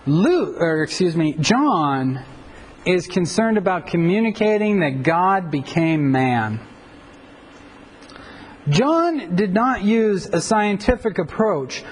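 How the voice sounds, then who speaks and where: Male pastor, fairly high voice, informal Bible lesson full of "uh"s and restarts, faint hiss under it. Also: poor audio. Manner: conversational, frequent fillers and self-corrections. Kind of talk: Bible teaching lecture.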